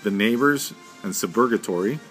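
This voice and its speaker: A man's voice: on the low side, animated, moderate pace, fairly bright tone, faint music behind. A man co-hosting a casual podcast, running through a list of TV news with joking asides. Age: adult with a son. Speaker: podcast co-host. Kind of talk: casual chat.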